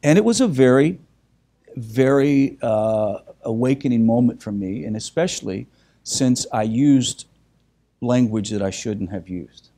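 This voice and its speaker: A middle-aged man teaching a group, telling a personal family story with animated retellings and many restarts. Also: mid-range voice, a little slow. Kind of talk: storytelling talk.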